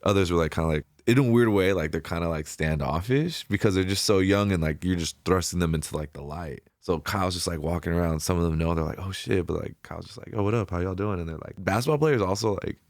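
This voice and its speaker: A young man with a very low, deep voice tells stories as a podcast guest. He talks loosely and casually, with slang and constant "like" fillers. The sound is dry and close to the mic. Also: fast, hardly any pauses, dry recording. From Ventura County, California. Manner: relaxed, slangy storytelling, filler "like" everywhere. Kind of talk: casual storytelling interview.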